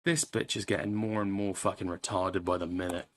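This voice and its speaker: A man's voice: low-pitched, fairly even intonation, brisk. A man casually commenting on a live stream, swearing and rambling as he repeats himself.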